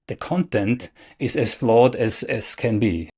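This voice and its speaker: A man's voice: medium pitch, lively intonation, takes it slowly, a little mellow, slightly rough. A man as the host of an interview, talking in a hesitant way with many uh fillers. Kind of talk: casual interview chat.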